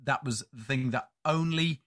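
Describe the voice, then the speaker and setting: A man's voice: mid-range voice, moderate pace, fairly bright tone. A middle-aged man co-hosting a podcast, telling a rambling, self-mocking story in casual banter. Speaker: podcast co-host.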